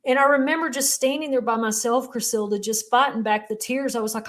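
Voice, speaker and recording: Interview guest: middle-aged woman, fairly high voice, candid and emotional, halting delivery with frequent restarts. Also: fairly even intonation, fairly bright tone. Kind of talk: personal storytelling in an interview.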